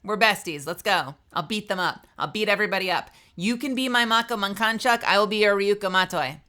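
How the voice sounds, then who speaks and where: A woman in her thirties, a streamer chatting casually with viewers, outspoken and swearing freely, with lots of "like" fillers and an animated delivery. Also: mid-range voice. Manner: animated, swings between quick bursts and drawn-out phrases. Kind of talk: casual live-stream chat, answering viewers.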